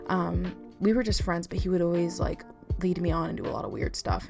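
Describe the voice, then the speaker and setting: A woman vlogger with a fairly low voice talks casually to camera, rambling and filling her sentences with "like". Faint music plays under her advice talk. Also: steady tone, fairly quick, creaky. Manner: chatty, rambling, full of "like" fillers. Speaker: vlogger giving relationship advice.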